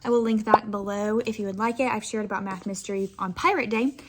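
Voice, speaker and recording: A woman's voice: medium pitch, steady tone, fast, slight background noise. A young woman teacher, chatting casually about her school day with lots of "like" and "anyways.". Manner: chatty, rambling, many "like"s and "anyways". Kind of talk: casual day-in-the-life vlog talk.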